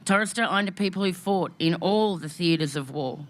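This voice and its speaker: A woman's voice: on the low side, moderate pace. Heartfelt Australian woman giving a ceremonial welcome. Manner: heartfelt, emotional, with rhythmic repeated phrases. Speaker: speaker giving a welcome to country.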